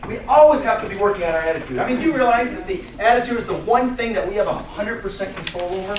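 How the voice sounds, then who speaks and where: A man giving a motivational keynote speech to a live audience, energetic and acting out bits of dialogue. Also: high voice, rapid-fire. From United States. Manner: energetic, acts out dialogue in voices. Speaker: motivational speaker. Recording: echoey room from far off, noisy.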